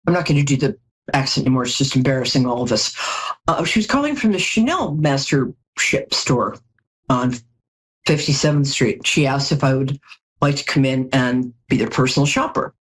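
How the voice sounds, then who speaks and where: A woman's voice: moderate pace, breathy edge. A middle-aged American woman hosting a live call-in tarot show, telling jokey stories in a chatty way and sounding tired. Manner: chatty, jokey storytelling with big pitch swings. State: tired from no sleep. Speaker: psychic reader, show host.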